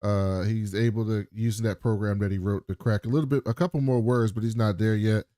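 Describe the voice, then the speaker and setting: On a casual podcast, a male co-host recaps a TV episode with animated energy, acting out the characters' lines and swearing a lot. His voice is lowish and a little fast, recorded in clean studio sound with no echo.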